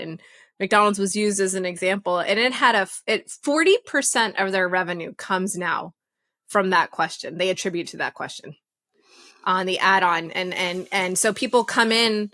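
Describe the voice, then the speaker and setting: A woman co-hosting a casual podcast, lively and laughing often. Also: fairly low pitch, moderate pace. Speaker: podcast co-host.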